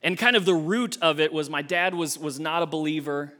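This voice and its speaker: A young adult man, an associate minister, preaching a sermon with expressive swings from emphatic to hushed. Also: on the high side, a little fast.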